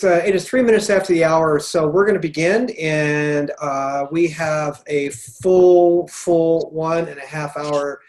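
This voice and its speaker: A man with a slightly high voice hosts an online webinar over a video call. He speaks in a halting way, with many fillers and restarts. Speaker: host. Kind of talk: webinar hosting.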